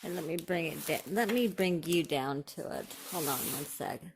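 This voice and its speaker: A woman, chatting excitedly to viewers while unboxing craft supplies. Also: low voice, normal speed, slight background noise. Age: 40s. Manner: gushing, excitable, talks to viewers. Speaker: crafting vlogger. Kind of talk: casual unboxing commentary.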